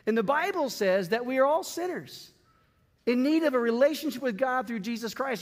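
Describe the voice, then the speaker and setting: A man preaching a sermon to a congregation, swinging from loud bursts to hushed, drawn-out words. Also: very high voice. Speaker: pastor. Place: church sanctuary. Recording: long hall reverb.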